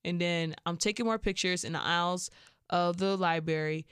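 Animated young Chicago woman telling stories. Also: on the low side, normal speed, smooth, dry recording, clean studio sound. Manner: animated, acts out quoted voices with laughs. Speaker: podcast host. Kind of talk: casual storytelling monologue.

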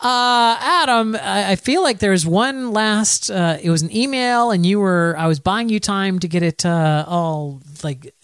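A man's voice: high-pitched, unhurried, hardly any pauses, a bit bright, clean tone, no room sound. A man hosting a podcast in casual chat, rambling with many fillers and frequent laughs. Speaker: podcast host.

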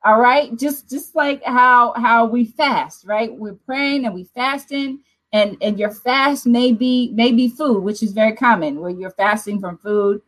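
Emphatic, expressive woman preaching. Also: fairly high pitch, a little slow, rough recording. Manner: emphatic and expressive, with asides and laughs. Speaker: prayer watch host. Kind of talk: preaching to an online prayer audience.

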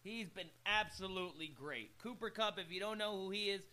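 A man's voice: high-pitched, fairly quick, bright, forceful tone. A young man co-hosting a casual show, rambling about football and fantasy league, often repeating words and laughing. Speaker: radio show co-host. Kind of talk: casual sports chat.

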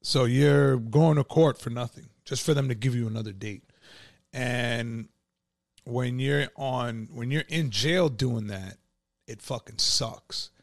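A man's voice: mid-range voice, takes it slowly, gravelly, no room sound, clean studio sound. A man telling his own story in a casual, profane, streetwise way, full of "like" and "you know".

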